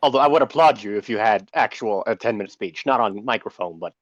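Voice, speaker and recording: A man's voice: on the low side, fast talker, no room sound. A man playing a tabletop game, chatting casually and making joking asides. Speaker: player. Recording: dull, dry lo-fi sound.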